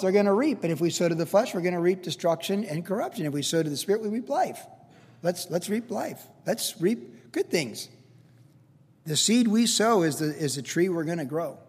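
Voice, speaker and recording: Man, pastor, lively conversational sermon, repetitive, long church reverb. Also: fairly high pitch, husky. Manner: energetic, repetitive, talks straight to the congregation.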